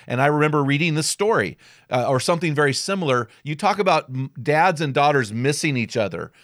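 A man's voice: on the high side, expressive, a little fast, no room sound, studio quality. A man hosting a podcast, talking conversationally and enthusiastically with his guest. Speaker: podcast host, men's ministry leader. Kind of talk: podcast interview.

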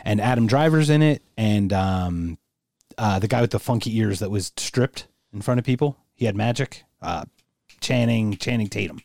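A man's voice: on the low side, normal speed, vocal fry, darkish tone, dry recording, clean studio sound. A man co-hosting a podcast, chatting casually with rambling, crude jokes. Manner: joking, rambling, crude humor. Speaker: podcast co-host. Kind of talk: casual chat.

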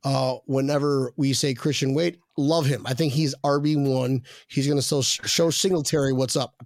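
A man from the Philippines hosting a podcast with loud, teasing, joking banter. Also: mid-range voice, fairly even intonation, moderate pace, no room sound, clean studio sound. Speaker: podcast host.

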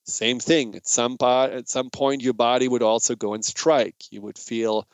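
A man with a German accent hosting a radio talk show, speaking in a relaxed, conversational way with fillers and restarts. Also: mid-range voice, normal speed, hardly any pauses, no echo.

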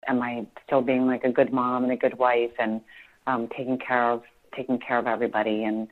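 Low-voiced woman on a tinny line. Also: level tone. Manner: halting, full of fillers and restarts. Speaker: podcast guest. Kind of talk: emotional personal interview.

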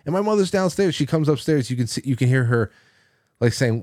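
A man's voice: mid-range voice, lively intonation, a little fast, darkish tone, dry recording. Amused man hosting, dry close mic. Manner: rambling, amused storytelling with frequent restarts. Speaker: radio show host. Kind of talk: casual reminiscing monologue.

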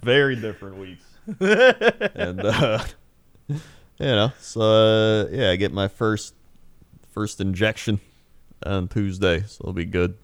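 A man's voice: lowish voice, takes it slowly, pauses often, clean tone, no echo. A man co-hosting a casual chat, telling a story in a laid-back way and laughing often. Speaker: podcast co-host.

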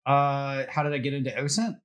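A middle-aged man recounts his work exploits in easy, self-deprecating storytelling. He pauses on fillers and keeps things conversational, with a plain, mid-range voice. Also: mid-range voice, fairly even intonation, a bit bright. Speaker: security guest. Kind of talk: casual storytelling.

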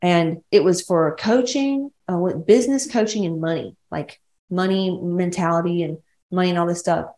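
In an echoey room, a women's coach from West Georgia delivers a casual solo podcast in a low-leaning, slightly mellow voice at normal speed. Her Southern accent comes through as she rambles bluntly and swears a lot.

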